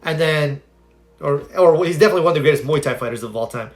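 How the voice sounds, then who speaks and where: A slightly high-voiced man speaks in a loose, live-stream way and tells personal stories with earnest energy. He talks straight to his viewers, answering their comments between motivational points. His tone stays conversational rather than scripted. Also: fast, soft background music. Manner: earnest, animated storyteller. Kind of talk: casual live-stream talk, storytelling and advice.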